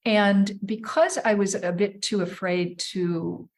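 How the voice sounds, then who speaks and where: A woman's voice: mid-range voice, steady tone, slow. A woman guest on a wine podcast, talking thoughtfully with many fillers and restarts. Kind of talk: casual podcast interview.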